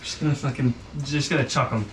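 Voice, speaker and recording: A man's voice: mid-range voice, steady tone, fast. A young man narrating as game master in a casual, hesitant way, with many fillers. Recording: distant mic with background noise.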